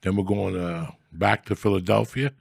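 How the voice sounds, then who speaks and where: A man's voice: low-pitched, fairly even intonation, normal speed, creaky, breathy edge, no room sound, studio quality. A man hosting a comedy podcast, telling profane, rambling stories in crude casual banter.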